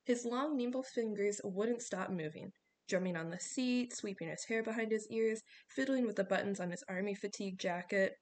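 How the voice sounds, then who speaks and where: A woman reading a novel aloud in steady scripted narration. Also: medium pitch, normal speed, slight background noise. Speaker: audiobook reader.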